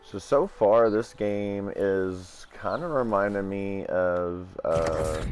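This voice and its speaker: A man's voice: sits low, unhurried, few pauses, darkish tone. A sleepy man just out of bed, casually talking through a video game as he plays and reacts. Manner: thinks aloud, reacts to the game. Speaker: let's play gamer. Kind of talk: casual gameplay commentary.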